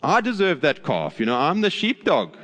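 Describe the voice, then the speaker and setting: A man's voice: a little high, wildly swooping pitch, moderate pace, fairly bright tone, in a large hall, voice pushed up. A man voicing a resentful older brother who pleads his own case in a self-righteous tone. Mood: indignant pleading.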